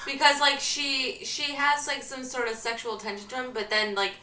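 A woman's voice: high-pitched, moderate pace, bright, forceful tone. A woman co-hosting a casual podcast discussion, talking bluntly with lots of filler words. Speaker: podcast co-host. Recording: echoey room with faint noise.

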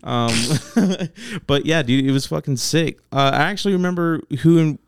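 A man who is a battle rapper, telling stories in a profane, animated way during a casual podcast interview. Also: a little high, normal speed, clean tone, dry recording, studio quality.

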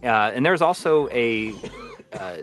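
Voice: mid-range voice, animated, slow, fairly bright tone, faint music behind. A co-host of a live stream chatting casually, hesitant and full of fillers, also reading out donations.

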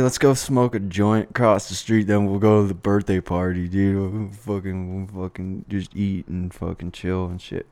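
A young man with a low, gravelly voice tells a rambling story in a loose, laid-back way, swearing often and leaning on fillers. The sound is dry and close, with no room around it. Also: darkish tone, no echo. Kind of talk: casual storytelling chat.

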